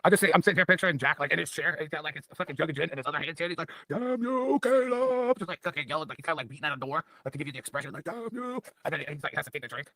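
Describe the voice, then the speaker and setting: Fast-talking tipsy man rambling on stream. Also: on the high side, fairly even intonation, sharp tone, no room sound, studio quality. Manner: loose, profane, tipsy rambling. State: a bit drunk. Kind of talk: rambling casual stream chat.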